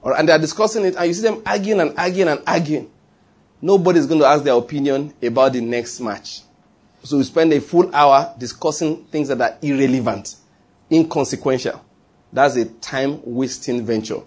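A man's voice: fairly high pitch, moderate pace, breathy edge. A man preaching a sermon as pastor, talking in a conversational way, repeating his key phrases and asking the congregation questions.

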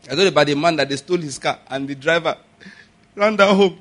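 A man preaching a sermon, telling stories and acting out the people in them with sudden shouts. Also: on the high side, fast. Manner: storytelling, acts out quoted voices with sudden shouts. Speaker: pastor.

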